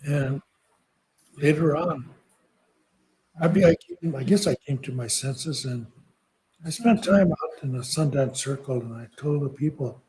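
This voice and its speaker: Older man, somewhat high, mellow tone; halting reflective storyteller, soft-spoken. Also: low-quality recording. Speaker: podcast guest speaker.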